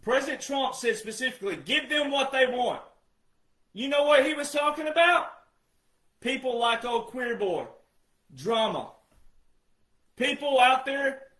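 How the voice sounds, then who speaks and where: High-voiced man ranting, shouting at times. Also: lively intonation, a little slow, pauses often, roomy sound. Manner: heated, scolding, repeated rhetorical questions, often shouting. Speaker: online commentator. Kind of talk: ranting monologue.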